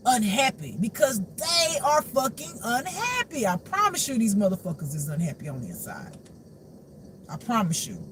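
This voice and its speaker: Spiritual reader, male, high-pitched; animated, profane, laughs a lot while preaching to his audience. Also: a little hiss or hum. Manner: animated, laughs often, swears freely; preachy, addresses the audience directly. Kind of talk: casual spiritual talk.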